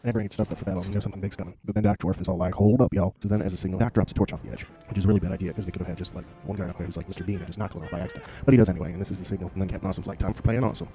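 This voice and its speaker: Young man, comedy recap narration, sarcastic, very fast, dark mellow voice, faint music. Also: low voice, flat delivery. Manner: sarcastic, flippant and joking. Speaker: recap video host.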